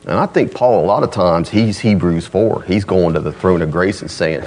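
A man preaching a sermon in a conversational way, acting out quoted voices and moving between loud emphasis and quiet, low asides. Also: wildly swooping pitch, normal speed, few pauses, breathy edge. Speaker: pastor.

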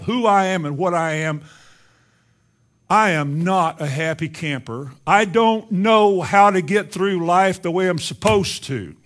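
A man preaching from the pulpit, his voice sitting slightly higher than most men's. He swings between loud, emphatic lines and hushed, low asides, lingering on certain words as he builds his point. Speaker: pastor. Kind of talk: sermon.

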